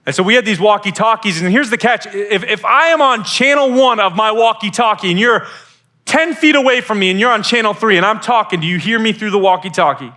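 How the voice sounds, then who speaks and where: An animated man in his thirties preaches to a youth group, his bright voice sitting a little high for a man. He tells stories with energy and acts out the voices on the phone. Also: a little fast. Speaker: youth pastor. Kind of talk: youth sermon.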